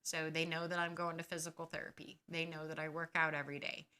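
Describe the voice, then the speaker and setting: A woman's voice: sits low, little pitch movement, fast talker, pushed and bright, smooth. A woman hosting a podcast, talking casually and bluntly about managing chronic pain and giving firm advice. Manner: blunt, advising, grows emphatic and scolding. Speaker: podcast host sharing her experience.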